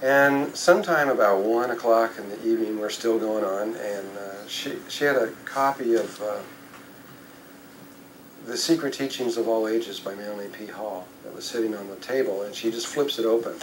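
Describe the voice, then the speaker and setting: A man's voice: fairly low pitch, moderate pace, a little hiss or hum, poor audio. An older man, a spiritual speaker, tells a rambling anecdote to a live audience, with fillers and self-corrections along the way. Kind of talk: storytelling talk to an audience.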